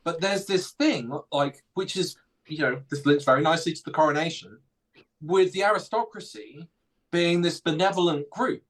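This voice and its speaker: A man's voice: fairly high pitch, normal speed, a bit bright, rough recording. A man hosting a casual political podcast, ranting indignantly. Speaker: podcast host.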